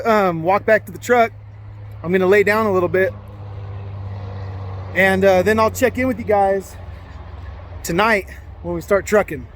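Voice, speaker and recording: A man with a somewhat high voice talks casually to his viewers, cracking jokes and wandering off on tangents with plenty of ums and uhs. He records on a handheld camera as he moves through a small mountain town, with faint outdoor noise behind him. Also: a bit bright. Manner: joking, rambling with many fillers. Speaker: trucking vlogger. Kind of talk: casual vlog chat to camera.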